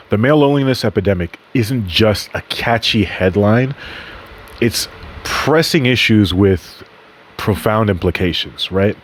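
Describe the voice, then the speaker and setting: A man with a very low voice hosts a podcast in a loose, rambling monologue. He swears casually and stumbles over words, backing up to fix them. A faint hiss sits under the recording. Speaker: podcast host.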